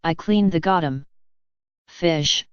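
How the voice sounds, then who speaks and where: A woman voicing a stern older Mother Superior, lower and quieter than her usual reading. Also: slow, clear, resonant tone, dry recording, highs cut off.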